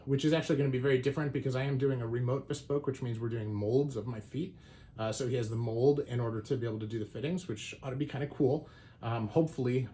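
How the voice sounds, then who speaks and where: A man hosting a casual show-and-tell vlog, talking in a loose conversational way with frequent fillers and restarts. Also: mid-range voice. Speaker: shoe collector and channel host.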